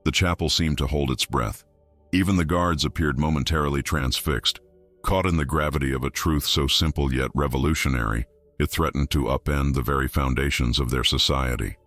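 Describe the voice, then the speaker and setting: A man reading a scripted story as narrator in a measured, even way, over faint music. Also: rumbling low, dry recording.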